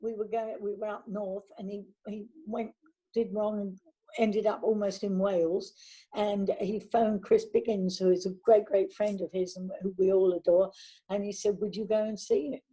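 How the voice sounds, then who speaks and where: An older woman, a veteran actress, chatting warmly in an interview and telling anecdotes from her career. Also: medium pitch, flat delivery, normal speed, breathy edge, rough recording. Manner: warm anecdotal, chatty with restarts. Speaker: actress guest. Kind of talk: reminiscing interview talk.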